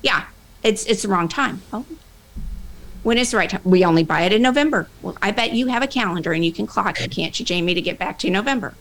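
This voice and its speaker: A woman workplace trainer giving a motivational talk, animated, acting out both sides of the conversations she tells. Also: mid-range voice, a little fast, creaky, slight background noise, rough recording. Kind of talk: motivational talk with acted-out dialogue.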